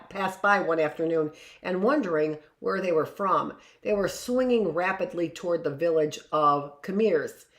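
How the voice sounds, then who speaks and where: Woman teacher reading aloud in a roomy space. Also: mid-range voice. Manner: reads aloud with chatty asides and self-corrections. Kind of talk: reading a history book aloud to a class.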